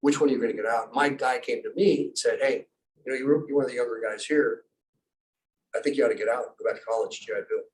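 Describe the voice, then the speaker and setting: A man's voice: mid-range voice, fast, recorded from a distance, a little hiss or hum, rough recording. A middle-aged man, a pastor and former military rescue specialist, telling stories in an interview and acting out the voices he quotes. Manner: animated storyteller, acts out quoted voices. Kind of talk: storytelling in an interview.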